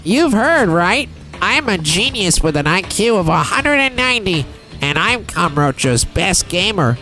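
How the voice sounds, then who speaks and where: A man puts on a nasal, pinched-nose voice for a boastful young gamer villain, pitched far above his own. The delivery is slow, mocking and self-satisfied, swooping up and down as he gloats over a game scene. Faint music sits behind him. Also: big pitch swings, sharp tone, heavily acted. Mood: smug.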